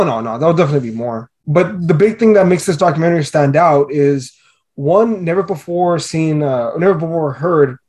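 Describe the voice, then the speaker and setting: Man co-hosting a podcast, casual, rambling, lots of ums, slightly high voice. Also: a little mellow. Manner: rambling, hesitant, filler-heavy talk. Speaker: podcast co-host.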